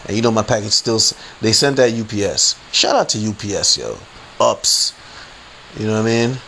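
A man's voice: fairly low pitch, lively intonation, moderate pace, bright, forceful tone, slight background noise. A man hosting a podcast, telling a story in a casual, slangy, rambling way and repeating his phrases. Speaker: podcast host.

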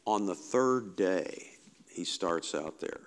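A man delivers a sermon in an easy, conversational tone, his voice sitting slightly low. He thinks aloud as he goes and repeats his key lines for emphasis. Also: expressive, slow pace. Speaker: preacher.

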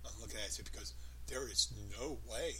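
A man's voice: medium pitch, a little fast, sharp tone, slight background noise, low-quality recording. A man in casual chat, telling rambling stories with lots of emphasis.

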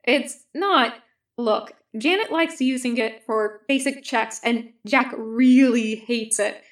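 A woman's voice: a little high, takes it slowly. A woman reading the lines of a tired, wry male linguist who keeps up dry, joking banter.

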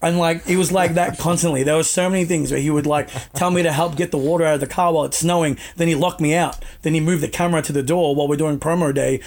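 A man telling stories as a guest on a podcast, animated and laughing as he retells them. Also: on the high side, fast talker, few pauses. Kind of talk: casual storytelling chat.

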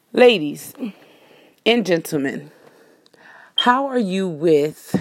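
A woman's voice: lowish voice, no room sound, studio quality. A woman hosting a casual monologue, talking straight to her listeners in a rambling, folksy way and correcting herself as she goes.

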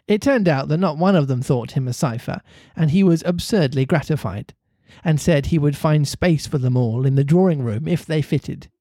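A man's voice: moderate pace, no echo, clean studio sound. A man reading a classic children's novel aloud to a co-host, lifting his voice for character lines. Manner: animated reader, lifts pitch for character lines. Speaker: reader and co-host.

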